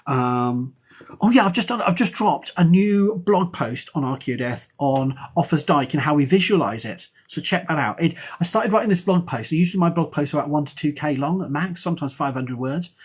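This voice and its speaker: A middle-aged man, an archaeology professor, chatting on a live stream in a rambling, self-mocking and excitable way. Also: a little high, normal speed, slightly rough. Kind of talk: casual live-stream chat.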